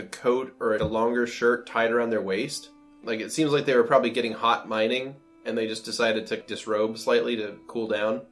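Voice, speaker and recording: A man narrates a tabletop game as its game master, easygoing and chatty, leaning on fillers as he paints each scene. His voice sits at an ordinary middle pitch. Faint background music plays under him. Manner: casual, laughing, describing scenes with fillers.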